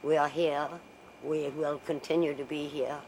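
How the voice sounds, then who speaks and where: A man's voice: a little high, flat delivery, normal speed, darkish tone. A man speaking with proud emphasis about his community's history. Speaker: interviewee. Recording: roomy with faint noise.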